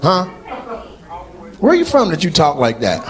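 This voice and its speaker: A man doing stand-up crowd work on a club stage, teasing audience members with brash remarks that rise to loud shouts. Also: sits high, huge pitch swings, moderate pace, pauses often. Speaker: stand-up comedian. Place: comedy club stage before a live audience. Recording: live club recording with crowd noise. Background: audience laughter and crowd noise.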